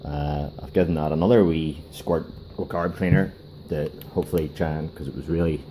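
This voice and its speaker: A man giving a casual hands-on workshop demonstration, talking in a halting way with many fillers and restarts. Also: very deep voice, steady tone, dark tone, slight background noise, poor audio. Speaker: DIY car repair video host.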